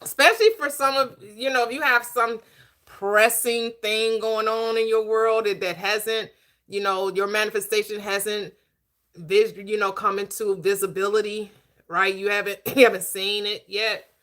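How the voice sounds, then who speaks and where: A middle-aged woman hosts a casual livestream chat, speaking at a moderate pace in a medium-pitched, steady, fairly bright voice. She's giggly, laughs often and chats directly with her viewers.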